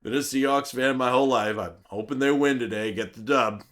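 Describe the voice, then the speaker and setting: A man playing a gentle old fellow in a grocery line, talking slowly and mildly, pausing to think. His voice stays soft and unhurried, with small restarts. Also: mid-range voice, voice pushed down, natural voice. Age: older. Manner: slow, hesitant and mild. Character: elderly male sports fan, easygoing.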